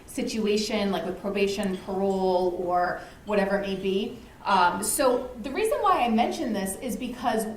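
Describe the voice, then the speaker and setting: A woman's voice: mid-range voice, normal speed. Chatty woman lecturing in an echoey room. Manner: conversational, uses "right?" often, acts out anecdotes. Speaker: speaker at a community lunch talk. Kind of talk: informal educational talk. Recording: echoey room with faint noise.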